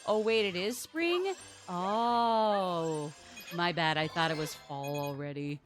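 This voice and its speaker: A woman's voice: on the low side, slow pace, faint music behind. A woman streamer giving casual, rambling gameplay commentary, full of "like" and playful swearing.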